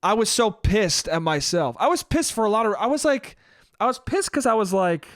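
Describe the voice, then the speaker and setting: A man's voice: high-pitched, big pitch swings, moderate pace, no room sound, clean studio sound. A man hosting a solo podcast, telling a story in a casual, profane, self-deprecating way and saying "dude" a lot. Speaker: podcast host.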